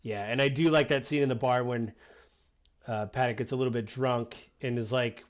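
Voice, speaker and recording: A man hosting a podcast, talking casually about a film in a rambling way, with lots of fillers and quick acted-out quotes. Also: medium pitch, steady tone. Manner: rambling, acts out quoted lines with many fillers. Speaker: podcast host.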